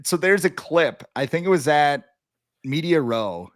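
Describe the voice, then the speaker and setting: Animated young man, dry close mic. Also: fairly high pitch, a little slow, no echo. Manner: animated, jokey, acts out quoted voices. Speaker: podcast co-host. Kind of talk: casual sports podcast chat.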